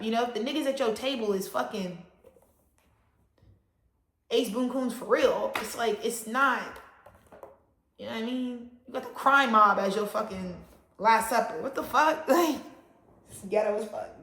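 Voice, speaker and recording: A woman with a fairly high voice rants bluntly at her viewers, profane and animated, punching her words. Her voice rings around an echoey room. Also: a little hiss or hum. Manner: blunt, profane and animated, with frequent loud emphasis. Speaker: astrology vlogger. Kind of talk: casual ranting monologue.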